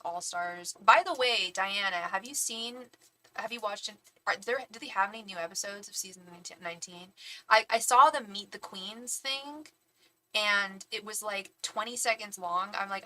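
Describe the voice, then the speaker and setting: A woman doing a live tarot reading in a bright, clear voice. She chats casually with viewers in animated bursts and restarts often. At other times she softly repeats a chanted invocation. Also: medium pitch, a little slow, low-quality recording. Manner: chatty and animated, with frequent restarts. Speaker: tarot reader and psychic medium. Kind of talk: casual chat on a live stream.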